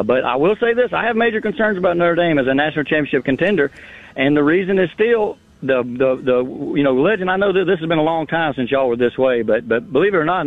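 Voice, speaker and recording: A man calling in to a radio show, talking in a lively, folksy way and repeating phrases for emphasis. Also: on the high side, dry recording. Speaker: caller. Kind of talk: casual phone-in chat. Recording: dry tinny phone line.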